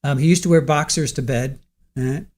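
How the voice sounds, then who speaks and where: A man's voice: medium pitch, fairly quick, a little mellow. A man hosting a live trial stream, chatting casually and rambling as he practices a name aloud.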